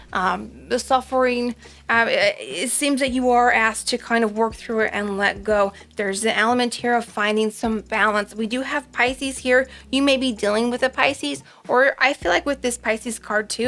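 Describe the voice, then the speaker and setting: A woman's voice: on the high side, fairly bright tone. A woman doing a casual pick-a-card tarot reading, chatty and rambling, with frequent ums. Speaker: tarot reader.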